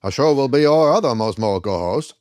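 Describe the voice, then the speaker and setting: Dry witty podcast dude, medium voice, super dry close sound. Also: male voice, mid-range voice, expressive, fairly quick, a little mellow, dry recording. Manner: dry, wordplay-loving joker. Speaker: podcast co-host. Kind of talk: casual comedic podcast chat.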